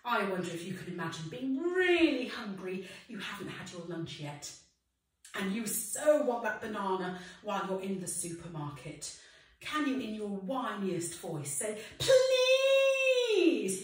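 A woman leading a children's singing session, explaining in a lively way between sung lines. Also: mid-range voice, normal speed, recorded from a distance. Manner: expressive, alternating spoken instructions with sung lines. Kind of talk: leading a children's sing-along. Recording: echoey room, voice slightly off-mic.

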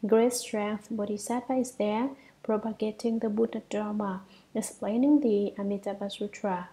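A woman reading a Buddhist sutra commentary aloud in a measured way, at times half-whispered, with small restarts. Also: mid-range voice, steady tone, mellow, rough recording.

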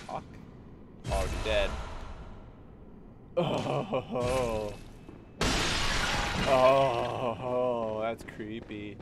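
A man doing live gameplay commentary as a streamer, excitable and swearing, yelping and talking back to enemies. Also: mid-range voice, slow, long pauses, background noise. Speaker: gaming streamer.

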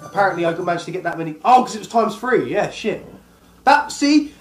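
A man playing a party video game, complaining loudly and swearing nonstop. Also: high-pitched, expressive, brisk, reverberant, faint music behind. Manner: frustrated, swears constantly. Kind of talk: casual gaming commentary.

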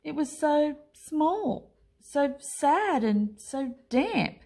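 A woman teacher reading a children's picture book aloud in an expressive, unhurried way. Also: sits high. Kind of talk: storybook read-aloud.

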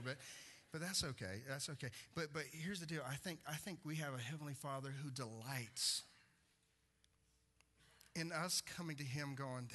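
A man's voice: mid-range voice, steady tone, normal speed, bright, forceful tone. A man, a pastor preaching a conversational sermon full of stories and restarts. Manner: conversational storytelling with repeated restarts.

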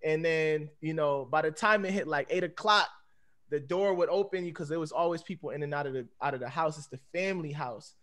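A relaxed man in his thirties speaks in a voice pitched a little high for a man. His talk rambles loosely, full of fillers, and he laughs easily as he goes. He sounds like he is on a video call. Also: brisk. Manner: laid-back, rambling, peppered with "you know what I'm saying"; laughs often while talking. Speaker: dancer on a panel. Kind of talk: casual panel talk.

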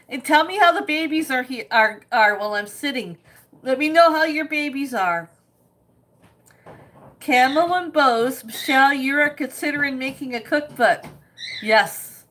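Woman, cooking livestream host; high voice, unhurried, chatty, laughs often while reading comments. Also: fairly bright tone. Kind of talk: casual livestream chat reading viewer comments.

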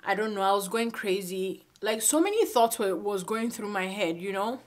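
A woman's voice: mid-range voice, expressive. Tearful woman in her twenties. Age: 20s. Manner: halting, emotional, fighting back tears. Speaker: vlogger. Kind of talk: personal storytime vlog. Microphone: phone camera.

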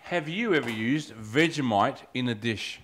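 A man, a co-host reading out viewer questions in a relaxed, jokey way. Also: mid-range voice, a little slow, a crowd in the background.

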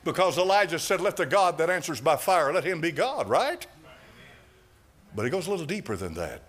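A man preaching a sermon as pastor, fiery and dramatic, swinging between loud cries and low asides, with chuckles along the way. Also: big pitch swings, a little fast.

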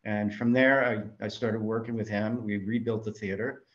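Older man from New York, low voice, dull lo-fi sound, animated storyteller, acts out quotes. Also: normal speed. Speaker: guest filmmaker. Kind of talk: storytelling interview answers. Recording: dull lo-fi audio.

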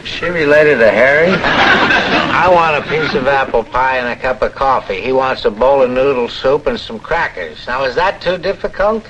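An actor playing an impatient, complaining middle-aged boss in a 1970s TV sitcom. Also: male voice, medium pitch, moderate pace, highs cut off, lightly acted. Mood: exasperated. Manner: exasperated, complaining, snappish. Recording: noisy old TV broadcast recording.

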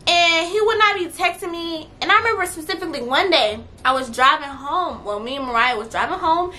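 A young adult woman telling a story on her vlog, blunt, profane and animated, her voice swinging louder at times. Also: very high voice, fairly quick. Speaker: vlogger.

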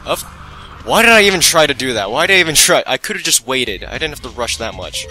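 A man gives live, excitable gameplay commentary, speaking to himself and mocking his own slip-ups. His mid-range voice moves briskly, and the audio is poor.

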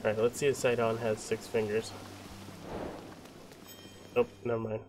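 A man's voice: on the low side, completely flat delivery, normal speed, noisy background. A man casually commenting while streaming a video game live, joking and talking to himself.

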